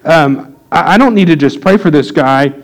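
A male pastor tells a story to a live congregation during a sermon, loose and conversational with restarts. His voice is on the high side at normal speed, and the recording is rough.

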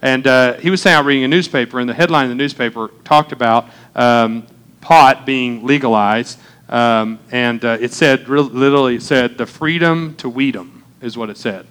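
A pastor in his thirties, originally from Oklahoma, delivers a sermon in an easygoing, talkative way. He jokes as he goes and pauses on fillers and restarts. His voice sits at an ordinary middle pitch for a man. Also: fairly bright tone, clear, resonant tone. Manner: conversational, joking asides, many fillers and restarts.

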